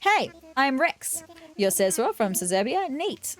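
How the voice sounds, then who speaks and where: A woman's voice: high-pitched, sing-song, unhurried, pitched above the performer's own voice. A woman reading aloud the lines of a laid-back young male lion villager in a video game, breezy and easygoing.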